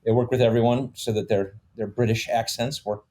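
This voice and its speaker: A man and comedy filmmaker explaining backstory in a relaxed podcast chat, with many fillers. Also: mid-range voice, a little fast. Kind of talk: casual podcast conversation.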